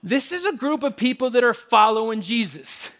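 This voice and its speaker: A man's voice: very high voice, animated, normal speed, fairly bright tone. A man preaching a sermon in an emphatic, conversational way, often repeating his phrases. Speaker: pastor.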